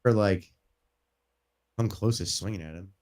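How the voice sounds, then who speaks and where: A man's voice: fairly low pitch, a little slow, a little mellow. A man streaming a video game, chatting casually in a rambling, profane way and laughing often. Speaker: gaming streamer. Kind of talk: casual let's-play commentary.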